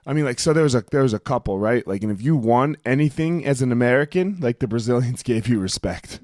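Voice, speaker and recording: A man's voice: mid-range voice, lively intonation, quick pace, darkish tone, no echo, studio quality. A man hosting a podcast, chatting casually and chiming in with short remarks and agreement. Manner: brief interjections and agreement. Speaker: podcast host. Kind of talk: casual chat.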